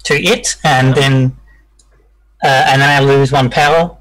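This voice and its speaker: A man's voice: mid-range voice, fairly even intonation, unhurried, a bit bright, poor audio. A man playing in a tabletop game, explaining his moves and rules in a matter-of-fact way. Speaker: player.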